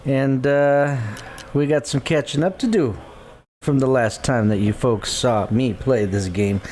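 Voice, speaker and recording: A man's voice: medium pitch, a little slow, darkish tone, a little hiss or hum. A man streaming a game live, chatting casually and thinking aloud as he sorts his gear and menus. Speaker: gaming streamer. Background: guitar music.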